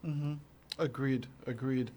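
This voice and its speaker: A man's voice: mid-range voice, fairly even intonation, slow, darkish tone. A male radio host interviewing guests in the studio, often hesitating and repeating his words while he encourages them.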